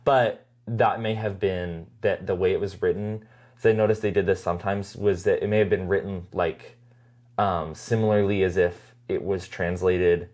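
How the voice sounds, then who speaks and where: A man's voice: low-pitched, fairly even intonation, moderate pace, a little mellow. A man co-hosting a podcast in casual chat, hedging often with "like" and "um". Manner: hesitant, hedging with "like" and "um". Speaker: podcast co-host.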